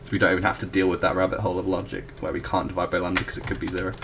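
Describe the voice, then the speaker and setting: A man's voice: sits low, completely flat delivery, racing, noisy background. A young man talks casually through a math proof at a whiteboard, correcting himself and apologizing along the way. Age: young adult. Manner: chatty, self-correcting, apologetic asides. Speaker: student tutor.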